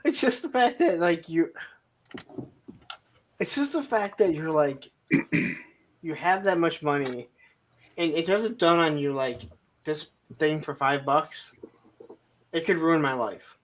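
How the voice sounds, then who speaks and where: A man with a somewhat high speaking voice, chatting casually on a home live stream. He spins long rambling stories, slipping into other people's lines and laughing as he goes. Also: animated, slow, long pauses, a little hiss or hum. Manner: rambling anecdotes, acts out quotes, laughs often. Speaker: co-host of a toy live stream. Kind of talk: casual storytelling chat. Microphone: streaming mic.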